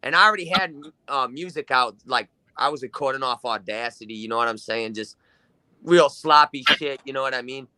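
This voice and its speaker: Profane, fast-rambling man from Wisconsin. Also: medium pitch, sharp tone, clear, resonant tone, no room sound. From Kenosha, Wisconsin. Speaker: guest musician. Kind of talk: casual storytelling.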